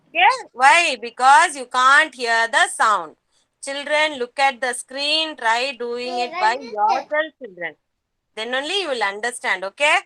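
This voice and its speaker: A woman leads a young children's class over a video call. Her voice is high and bright, and she talks slowly, repeating each word for them. The sound is dry and close. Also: no echo. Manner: slow, patient, repeats words for young children. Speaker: kindergarten teacher. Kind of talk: online class teaching.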